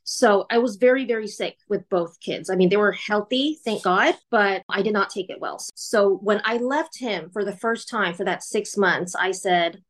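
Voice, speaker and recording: A woman's voice: mid-range voice, normal speed, hardly any pauses. Woman guest on a podcast, candid and earnest, just talking it through. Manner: candid, earnest, recounting vividly. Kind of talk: personal storytelling interview.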